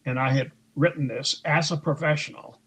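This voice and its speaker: Husky-voiced man telling a story. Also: a little high, steady tone, moderate pace, fairly bright tone, poor audio. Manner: recounts events at length, acting out others' lines in raised voices; frequent fillers and restarts, conversational. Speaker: interview guest, author. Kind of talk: casual storytelling interview.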